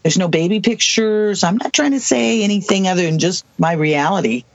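A person in their sixties from the US Southwest, telling a personal story as an interview guest, halting, with many restarts and asides. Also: mid-range voice, animated. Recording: dull lo-fi dry recording.

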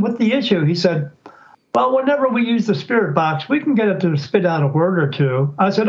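Muffled audio carries a man with a high-sitting voice speaking at a moderate pace. He is a psychic appearing as a podcast guest, recounting a story in a casual interview and lively switching voices to act out other people's words.

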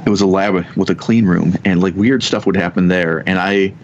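A man in his thirties telling a ghost story in casual chat, rambling and halting with many restarts and casual swearing. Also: low-pitched, fairly even intonation, slight background noise. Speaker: podcast guest telling ghost stories. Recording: dull lo-fi sound.

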